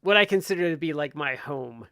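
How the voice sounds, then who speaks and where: Man, from Ohio, podcast host, casual rambling chat, slightly high voice, dry close mic. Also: animated, brisk, sharp tone, no room sound. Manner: rambling, heavy use of "like" and restarts.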